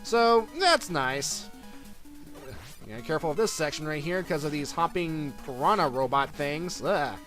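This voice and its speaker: Guy rambling thru a let's play, high bright voice, lots of ums, faint game music behind. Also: lively intonation, a little slow. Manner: rambling, lots of fillers and self-corrections. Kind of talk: casual gameplay commentary.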